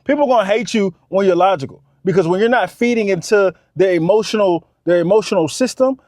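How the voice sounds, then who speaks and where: A man's voice: sits high, brisk, a little mellow, dry recording, clean studio sound. A man giving a casual, preachy monologue, repeating his points with emphasis. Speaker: vlogger.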